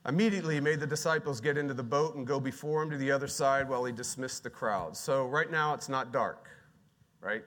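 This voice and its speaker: A male pastor preaching a sermon, emphatic and repetitive, swinging between quiet, low passages and louder, raised ones. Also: a little fast. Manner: emphatic, repeats key words, swings from quiet to loud.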